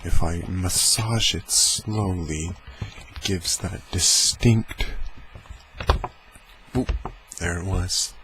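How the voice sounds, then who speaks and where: A man speaking softly for an ASMR video, slow and playful as he demonstrates sounds at home. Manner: slow deep soft-spoken, playful and rambling. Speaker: ASMR creator. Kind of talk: ASMR soft-spoken demonstration. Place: home room with heater fan running. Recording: low-quality recording with fan noise. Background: heater fan hum.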